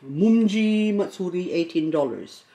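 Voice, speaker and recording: A middle-aged woman chatting casually as she unboxes plants, gushing and excitable, talking to each plant as she goes. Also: on the low side, unhurried. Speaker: succulent vlogger.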